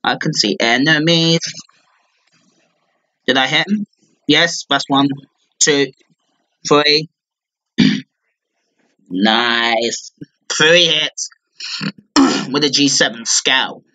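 A young man giving live commentary on his own gameplay, clearing his throat often and breaking into excited outbursts. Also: a little high, very slow, long pauses. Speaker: gamer streamer.

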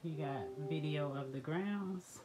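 A woman's voice: sits low, slow pace. A woman chatting casually to her viewers as she walks through her house construction site, filming on a phone. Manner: chatty, addresses viewers as y'all. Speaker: vlogger touring her house build. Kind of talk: casual walk-through vlog. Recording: phone video with loud background noise.

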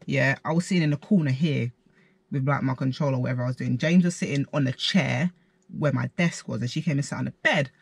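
A man's voice: mid-range voice, quick pace, creaky, slightly rough, no room sound. A young man, telling a story in slangy, chatty vlog style with quoted asides. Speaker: vlogger. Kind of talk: casual storytime.

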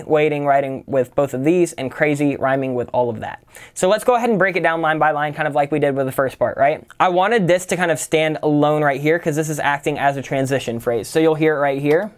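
In a casual tutorial on songwriting, a man speaks loosely and relaxedly, his sentences packed with "like" and "kind of." His voice is a little high, clear, and resonant.

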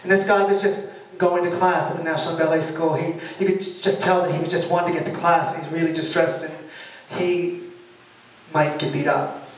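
A singer tells a story to a live audience before his song, speaking at a moderate pace in a fairly high voice. His retelling is animated and dramatic, with quoted shouts. It's a live event in a bookshop's party loft, picked up by a roomy, distant venue mic.

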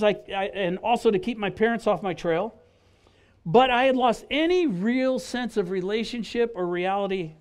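This is a guest speaker's testimony at an outdoor church service in a park: a middle-aged man with a high, expressive voice talking in a relaxed, conversational way. He animatedly voices the people in his stories and keeps turning to the audience with "right?"

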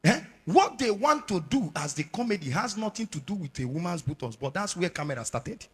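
A man with a Nigerian accent preaching a sermon as an evangelist, moving from low murmurs to shouted warnings. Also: very animated, a little fast, slightly rough. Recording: long hall reverb.

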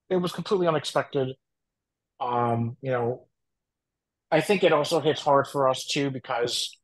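A man's voice: medium pitch, no echo, low-quality recording. A man co-hosting a podcast, talking earnestly and rambling with frequent fillers. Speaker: podcast co-host. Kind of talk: casual podcast chat.

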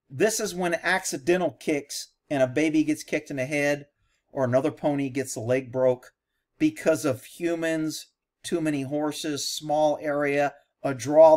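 A man, a horse trainer, giving blunt, sarcastic reaction commentary over a video. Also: a little high.

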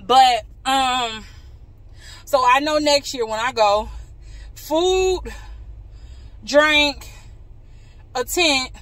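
A woman vlogging casually to her viewers from her car, candid and playful with quick asides. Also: high voice, a bit bright, dry recording. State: out of breath. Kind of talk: casual vlog talk to camera. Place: walking outdoors, then sitting in her car.

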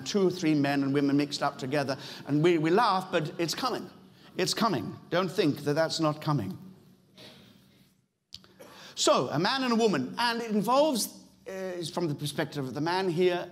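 A middle-aged man with a British accent preaching a sermon in a church, emphatic, repeating key phrases and speaking straight to the congregation. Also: high voice. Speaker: pastor.

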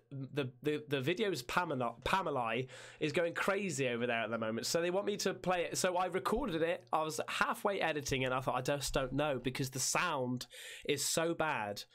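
Man, slightly high voice, croaky, hoarse from a chest infection, game streamer, casual rambling chat. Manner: lively, rambling, loud hyped greetings.

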